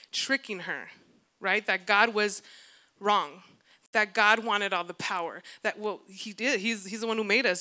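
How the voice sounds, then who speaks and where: A woman pastor giving a lively, conversational sermon, acting out little asides to the congregation. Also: medium pitch. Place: church.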